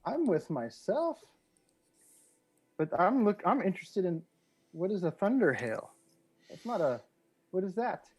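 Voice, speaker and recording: Higher-voiced man playing a tabletop character. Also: very animated, moderate pace, pauses often, husky. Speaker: player. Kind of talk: casual tabletop role-play.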